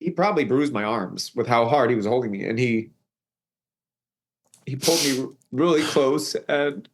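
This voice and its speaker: Male podcast guest, earnest emotional storyteller, voice rises steeply at key moments. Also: moderate pace. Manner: earnest, voice rising high when reliving the shouting. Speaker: guest telling his life story.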